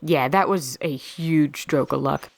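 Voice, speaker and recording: A woman's voice: low voice, measured pace. A woman chatting casually with friends over a game, making wry, rambling observations. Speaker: let's play co-host. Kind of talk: casual gameplay chat.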